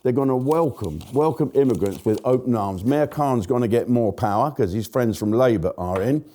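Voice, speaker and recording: A man's voice: medium pitch, normal speed, mellow. An older man hosting his own show, delivering a blunt, jokey political rant in a casual monologue. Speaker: show host.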